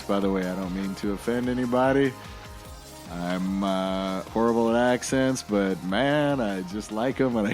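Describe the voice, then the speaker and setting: A man hosting a podcast alone, talking in a casual, jokey and rambling way. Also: fairly low pitch. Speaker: podcast host.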